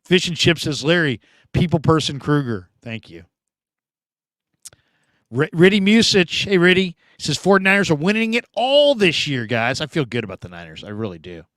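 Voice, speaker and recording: Lively talkative man host. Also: a little high, normal speed, dry recording. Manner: animated, talkative, swings between loud bursts and quiet asides. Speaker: sports show host. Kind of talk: casual live-stream chat reading comments.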